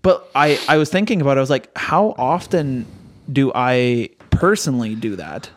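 A man's voice: medium pitch, animated, moderate pace. A man who preaches, co-hosting a podcast and reflecting aloud in hesitant, thoughtful casual chat. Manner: thoughtful, hesitant restarts, talks through ideas. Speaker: pastor and podcast co-host.

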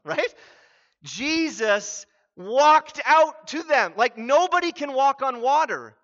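A man preaching a sermon as a pastor, animated and building to emphatic exclamations. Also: very high voice, slow pace, muffled recording.

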